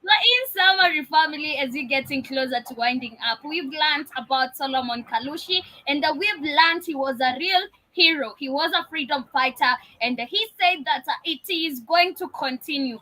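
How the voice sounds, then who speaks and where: A woman's voice: high voice, moderate pace, few pauses, bright, forceful tone, low-quality recording. A woman host, speaking in an impassioned, emphatic way with frequent "uh"s. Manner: impassioned, emphatic, says "uh" often. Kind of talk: talk show commentary.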